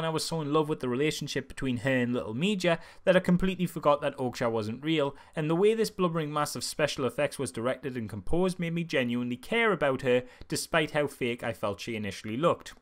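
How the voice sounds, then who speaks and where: A young man reviewing a film in a casual, comic way, with sarcastic, animated asides. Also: mid-range voice.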